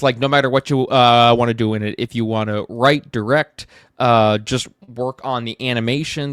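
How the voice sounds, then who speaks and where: A man from Canada talks about his acting path on a podcast, thinking aloud with frequent ums and uhs. His voice is smooth and resonant at a middle pitch, recorded close and dry. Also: fairly bright tone, no room sound. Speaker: podcast guest, actor and theatre director. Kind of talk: casual interview chat.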